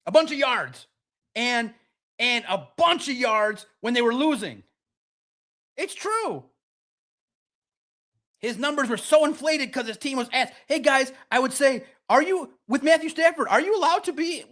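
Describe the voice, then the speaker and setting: A man with a notably high voice hosts a sports podcast. He rants with heat and hammers each point, repeating words and mocking the other side. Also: fairly bright tone. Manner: emphatic, repetitive, mocking. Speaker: podcast host. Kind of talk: heated sports podcast rant.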